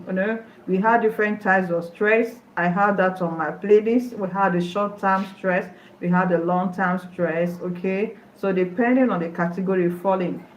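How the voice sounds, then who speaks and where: A nurse giving a health talk on a live stream, repeating questions to viewers. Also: medium pitch. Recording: echoey room, dull lo-fi sound.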